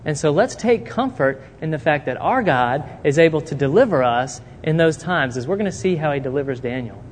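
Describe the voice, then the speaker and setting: A man with a slightly high voice preaches a little fast, telling a Bible story and acting out the characters' words with animation. The recording has a long hall reverb and faint noise.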